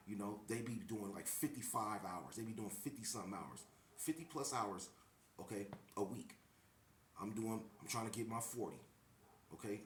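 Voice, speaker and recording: A man's voice: fairly low pitch, reverberant, slight background noise. A man who works as a shift manager, telling an indignant story in casual speech and acting out the dialogue. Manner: animated, indignant, acts out quoted dialogue. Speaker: pizza shop shift manager.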